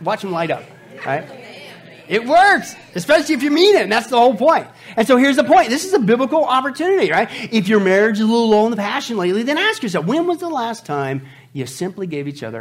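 A man with a high-pitched voice preaches a sermon as pastor. He jokes with the congregation and keeps repeating phrases for emphasis. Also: very animated, quick pace.

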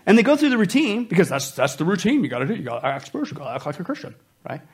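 Animated husky-voiced male pastor. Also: high voice, rapid-fire. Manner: animated, laughing asides, mock voices. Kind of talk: sermon.

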